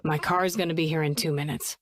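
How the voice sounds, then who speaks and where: A woman voicing a gruff, guarded young man who talks low and blunt, clipped and swearing. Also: fairly even intonation, a little fast, no room sound, studio quality, natural voice. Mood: tense, guarded.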